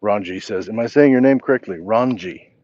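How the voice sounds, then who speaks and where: A man's voice: fairly low pitch, fast, darkish tone, dull audio. A man hosting a casual walk-and-talk livestream, reading chat messages aloud and answering them as he walks. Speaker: livestream host.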